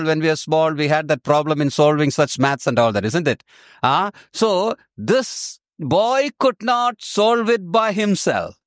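Slow, high-voiced male preacher. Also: a bit bright, no echo, studio quality. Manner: repeats key phrases, slow and emphatic. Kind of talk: sermon.

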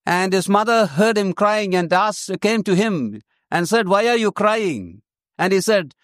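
A man preaching a sermon, slow and emphatic, repeating his key phrases. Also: high-pitched, animated, fairly bright tone, dry recording, clean studio sound.

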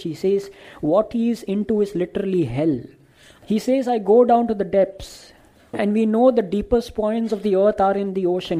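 A preacher delivers a sermon in a mellow, warm voice of middling pitch. The delivery is emphatic, stacking repeated phrases and reading out scripture verses. Sentences often restart with small stumbles before pressing on. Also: low-quality recording.

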